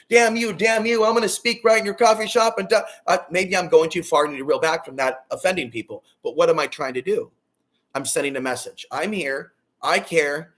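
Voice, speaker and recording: Booming, rambling man vlogger. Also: slightly rough. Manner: loud and booming, swings from excited to low and hushed. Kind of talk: rambling monologue to camera.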